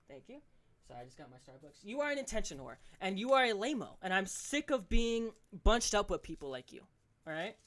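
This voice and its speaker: A man's voice: high-pitched, big pitch swings, fairly quick, a bit bright. Teen guy ranting heatedly. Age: teens. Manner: profane, heated, scolding. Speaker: podcast host. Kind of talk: solo podcast rant.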